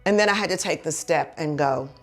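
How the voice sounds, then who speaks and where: A woman's voice: sits low, a little fast, faint music behind. A woman preaching a heartfelt sermon, telling her own story and then leading a prayer in an earnest, exhorting way.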